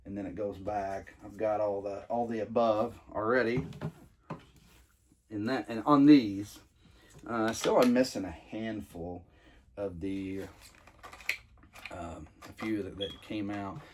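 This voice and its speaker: A man's voice: fairly low pitch, fairly even intonation, takes it slowly, long pauses, slight background noise. A man casually reviewing toys he is unboxing, rambling with many fillers and restarts. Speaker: toy reviewer.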